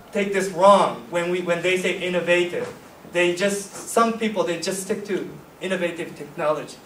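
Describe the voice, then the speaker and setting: A man's voice: sits high, fairly bright tone, a little hiss or hum. A man giving a workshop lecture casually, often checking in with "okay?" and "right?". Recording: echoey hall, voice from far off.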